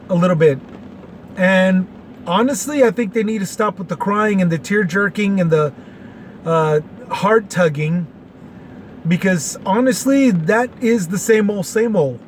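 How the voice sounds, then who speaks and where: A man's voice: sits high, a little hiss or hum. A man in his late forties from Texas, hosting a casual opinion show in a rambling, folksy way with many fillers. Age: 40s. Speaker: podcast host.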